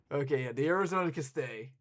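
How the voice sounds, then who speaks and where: A man streaming and chatting casually with his viewers, excitable and quick to laugh and swear. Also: on the high side. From United States.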